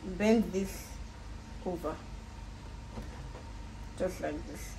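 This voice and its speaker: A woman's voice: lowish voice, extremely slow, gravelly. A woman with a Nigerian accent walks through a sewing project step by step, patiently repeating each instruction as she works. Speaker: sewing tutor. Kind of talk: casual step-by-step sewing tutorial. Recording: roomy echo with faint background noise.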